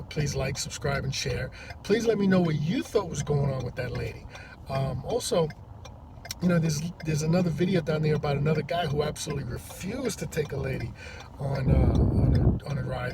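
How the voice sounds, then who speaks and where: Loud road and vehicle noise fills this distant-mic recording of a rideshare driver sitting in his parked car. Speaking in a fairly high voice, he rambles through a story to camera, halting and restarting again and again.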